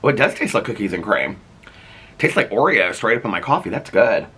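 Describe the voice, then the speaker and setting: Male daily vlogger, deep voice with a sharp, bright edge, loose rambling chat. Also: big pitch swings, a little fast, husky. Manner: rambling, chatty, frequent fillers and restarts. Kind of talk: casual chat to camera.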